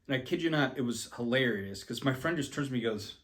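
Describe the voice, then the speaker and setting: A man's voice: medium pitch, lively intonation, brisk, hardly any pauses, a bit bright. A man casually telling a personal travel story, rambling with many ums and restarts, self-deprecating about his skills. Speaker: language learner.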